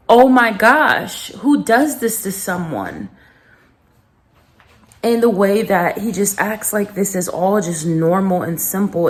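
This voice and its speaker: A young woman talking earnestly and reflectively in a personal vlog, pausing and restarting as she speaks. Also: mid-range voice. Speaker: vlogger.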